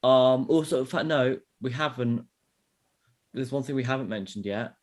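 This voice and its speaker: A man's voice: mid-range voice, moderate pace. A man co-hosting a casual fan podcast, rambling and jokey, with lots of restarts and fillers. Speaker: podcast co-host. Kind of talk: casual chat.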